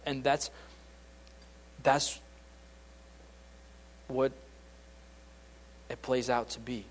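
A man's voice: medium pitch, steady tone, extremely slow, long pauses, slight background noise. A man giving an informal, conversational sermon, often restarting his sentences and acting out the voices he quotes. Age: adult, beyond his late teens. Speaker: preacher.

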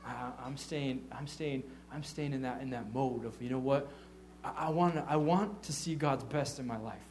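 A man giving an informal testimony sermon as a church leader, telling animated stories and acting out what people said, with frequent stammered restarts. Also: medium pitch, moderate pace. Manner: animated storytelling, acting out quotes.

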